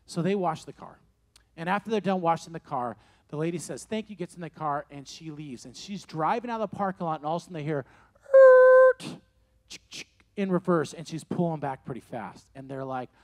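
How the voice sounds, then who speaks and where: A man in his late forties preaching to young people, telling stories in an animated way and repeating key phrases. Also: on the high side, a little fast. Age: 40s. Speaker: youth pastor. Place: room with a live audience.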